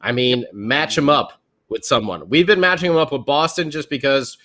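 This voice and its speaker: A man's voice: medium pitch, normal speed, a bit bright. Man rambling through casual hockey chat. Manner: rambling, many fillers and restarts. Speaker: podcast host.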